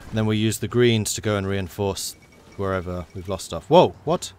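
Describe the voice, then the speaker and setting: A man's voice: fairly low pitch, normal speed, darkish tone, a little hiss or hum. A man giving casual, wry commentary while playing a strategy game and chatting to his units. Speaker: let's play commentator.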